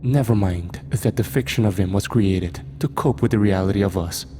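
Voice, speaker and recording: A man voicing a calm, mocking demon. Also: on the low side, normal speed, slight background noise, natural voice. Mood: cold menace. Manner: calm, intelligent, menacing. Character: calm, cold demon speaking through a possessed girl.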